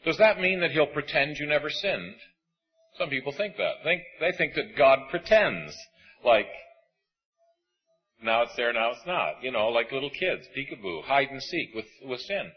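A man preaching a sermon to a congregation in an auditorium, animated and acting out voices of the people in his stories. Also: mid-range voice, normal speed, breathy edge, lo-fi sound, faint music behind.

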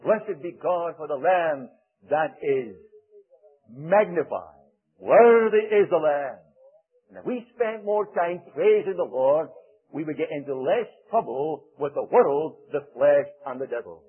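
Husky-voiced preacher on a tinny recording. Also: male voice, on the high side, expressive. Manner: solemn, with archaic scripture quotations and dramatic pauses. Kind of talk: sermon.

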